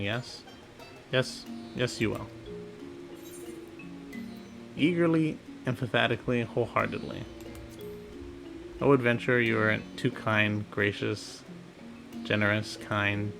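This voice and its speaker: A man's voice: on the low side, creaky. A man voicing a fretful male kobold who wails and lists words in threes, for a video game. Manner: wailing, lists synonyms in threes.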